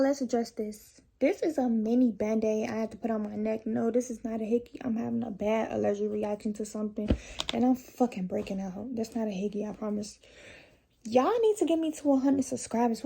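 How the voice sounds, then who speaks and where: A young woman telling a profane, animated storytime to her viewers in a casual vlog. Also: on the high side, fairly quick, vocal fry, husky. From Chicago area. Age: young adult. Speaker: vlogger.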